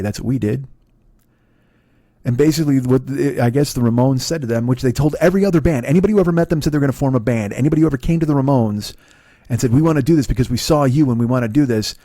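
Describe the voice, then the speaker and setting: Middle-aged male podcast host, casual storytelling, mid pitch, dry close sound, rambling and self-mocking. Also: warm tone, no echo. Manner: rambling, profane, self-deprecating, many restarts.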